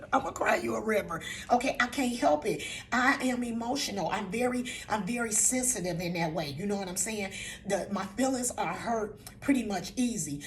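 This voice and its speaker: A woman's voice: medium pitch, slight background noise. An older woman, a vlog host, talking casually to the camera, repeating herself and often asking "you know what I'm saying?", with laughs mixed in. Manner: emotional, laughs while talking.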